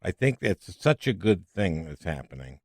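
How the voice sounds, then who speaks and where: A man with a fairly low voice hosts a podcast in casual conversation. He is jokey and animated, and he wanders into rambling asides. The sound is dry and close. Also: moderate pace, no room sound. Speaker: podcast host. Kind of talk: casual interview chat.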